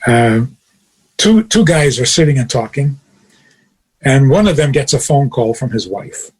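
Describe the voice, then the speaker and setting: A man's voice: mid-range voice, expressive, unhurried, breathy edge. A man, a rabbi hosting a radio show, teaching with frequent chuckles and emphatic rhetorical questions.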